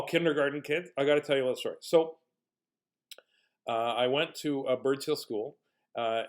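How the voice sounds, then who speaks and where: Middle-aged man, goofy children's entertainer, mid-pitched, silly read-aloud storyteller who laughs a lot. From Manitoba, Canada. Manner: silly, animated, laughs often.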